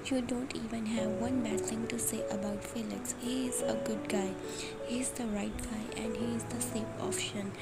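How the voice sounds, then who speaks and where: A woman reading a fan fiction story aloud in a soft, often half-whispered voice, over loud background music. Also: on the high side, fairly even intonation, normal speed. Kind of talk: storybook narration.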